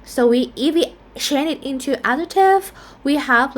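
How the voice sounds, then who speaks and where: Slow, careful woman teaching pronunciation. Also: high voice. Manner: slow and careful, repeats each example word. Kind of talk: explaining a phonetics lesson.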